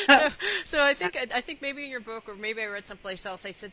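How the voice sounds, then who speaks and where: A woman's voice: mid-range voice, animated, fairly quick, sharp tone, poor audio. A woman hosting an interview, telling a personal story in a chatty way with many fillers and restarts. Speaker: interview host. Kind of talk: conversational interview.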